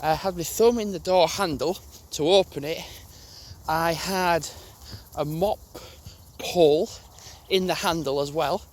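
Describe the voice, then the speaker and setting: A man's voice: fairly high pitch, measured pace, pauses often. A young man, casually telling a story to camera, rambling, restarting and swearing as he goes. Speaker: gaming channel host.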